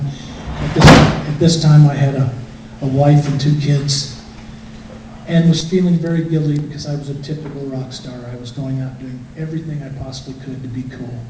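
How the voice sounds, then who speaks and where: A man's voice: fairly high pitch, steady tone, normal speed. A middle-aged man gives a conversational personal testimony to a congregation, telling his story in plain talk. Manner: conversational storytelling, acting out quotes. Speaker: guest speaker. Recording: echoey hall from far off, faint noise.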